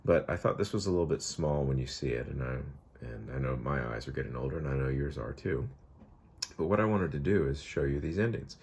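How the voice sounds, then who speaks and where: A middle-aged man, a Spanish teacher, giving a recorded online lesson in a relaxed, chatty way with many fillers. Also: rumbling low, brisk, slightly rough.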